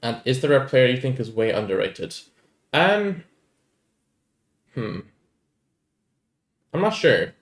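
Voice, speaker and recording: A young adult YouTuber from Ireland answers viewer questions in a casual Q&A chat, rambling, laid-back and easily amused. His medium-pitched voice is very animated, though he speaks slowly with long pauses. The room is echoey.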